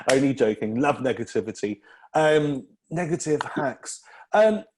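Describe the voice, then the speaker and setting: A man's voice: medium pitch, sing-song, a little slow. A British man, a comedian, chatting on a podcast by video call, rambling with many fillers and laughing often. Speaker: comedian guest. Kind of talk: casual podcast interview.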